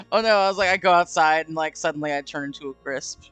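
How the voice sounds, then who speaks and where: A man's voice: fairly high pitch, quick pace, fairly bright tone, clear, resonant tone, no room sound, faint music behind. A man chatting casually on a stream, joking and self-deprecating, laughing along with his co-host. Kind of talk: casual chat.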